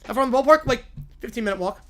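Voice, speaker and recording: A man live-streaming, reading a silly story aloud with playful, animated asides. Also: very high-pitched, racing.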